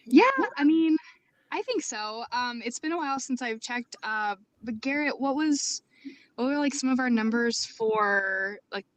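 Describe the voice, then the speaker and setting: A woman chats as a guest in a high voice, hesitant and searching for her words. The sound is close and dry. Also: a little slow, dry recording. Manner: hesitant, unsure. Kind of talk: casual chat.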